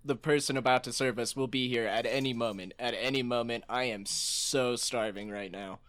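A flustered husband, improvised by a man stammers through his dinner order. His voice is smooth and clear, full of hesitant uhs, in an improv comedy scene. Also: mid-range voice, steady tone, moderate pace, a bit bright, close to an everyday voice.

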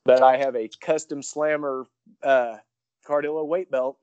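Excitable rambling male wrestler, dull recording. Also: medium pitch, measured pace, clear, resonant tone, no echo. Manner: excitable and rambling, with frequent restarts. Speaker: professional wrestler guest. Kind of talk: casual storytelling in an interview.

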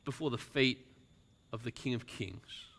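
Pastor preaching slow n deliberate, bright crisp voice, goes real soft for emphasis. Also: male voice, medium pitch, slight background noise. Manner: slow, deliberate, dropping to near whispers for emphasis. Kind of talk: sermon with a read-aloud story.

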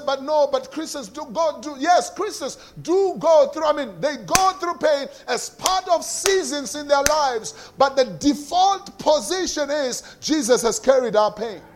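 A man preaching a sermon who repeats key phrases and calls on the congregation to answer, swinging between shouting and quiet, sung lines. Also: very high-pitched, lively intonation, unhurried, hardly any pauses. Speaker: pastor.

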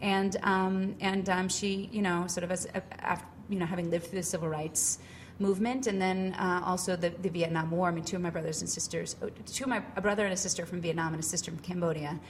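A woman's voice: fairly low pitch, steady tone, quick pace, a little hiss or hum. A middle-aged woman from Cambridge, Massachusetts with a Boston accent, chatting animatedly as an interview guest, with many fillers and restarts. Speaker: guest, musical theater actress. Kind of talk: casual interview.

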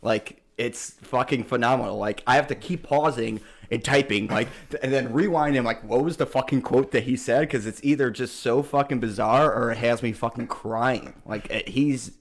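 A man's voice: mid-range voice, moderate pace, hardly any pauses. A man hosting a podcast in casual chat, rambling and profane with many fillers. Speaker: podcast host.

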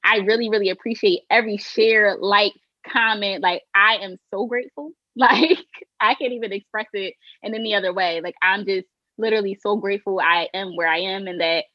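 A woman's voice: mid-range voice, brisk, no room sound, highs cut off. A woman guest on a casual podcast, upbeat and emphatic, saying "like" and "okay" a lot.

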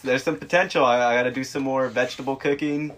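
A man's voice: medium pitch, steady tone, quick pace, a bit bright. Laid-back man telling stories on a podcast. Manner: laid-back storytelling, laughs often, swears casually. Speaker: podcast co-host. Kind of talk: casual chat.

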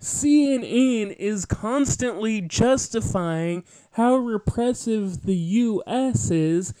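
A podcast host delivers an opinionated political monologue that lectures with a sardonic edge. His voice sits high and sounds warm and clean, with no echo.

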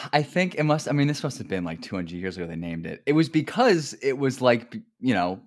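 A man's voice: medium pitch, very animated, fairly quick. A man from New Jersey, a podcast guest in casual chat, laid-back and joking and often trailing off.

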